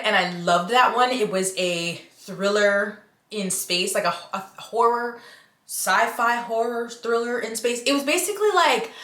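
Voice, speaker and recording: A woman's voice: fairly high pitch, pushed and bright, echoey room. A woman chatting casually to camera about books, frank and given to exaggerated reactions, recorded in a room at home. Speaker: book reviewer.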